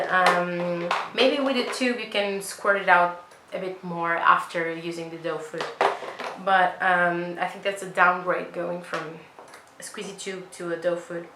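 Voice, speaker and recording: A woman's voice: on the low side, roomy sound, noisy background. A young woman vlogger talking casually as she does her makeup, rambling and poking fun at herself. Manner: chatty, self-mocking, rambling asides. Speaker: beauty vlogger. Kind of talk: casual makeup tutorial chat.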